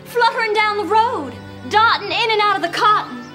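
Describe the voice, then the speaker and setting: An actress playing an eager, innocent young Southern belle daughter in a comedy sketch, with a breathy drawl. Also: female voice, very high voice, animated, normal speed. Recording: played clip with music and studio audience.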